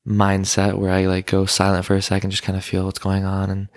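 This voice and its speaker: A young man talks in a loose, rambling way, full of fillers. His voice is low and gravelly, with little rise and fall. The sound is close and dry. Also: monotone, brisk, dry recording. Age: young adult. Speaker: guest, son of host. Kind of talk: casual chat.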